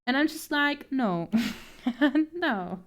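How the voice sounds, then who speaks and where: A woman's voice: a little high, expressive, unhurried, a bit bright. A young woman art streamer chatting casually while she draws, laughing often, flustered and self-deprecating. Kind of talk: casual chat while drawing.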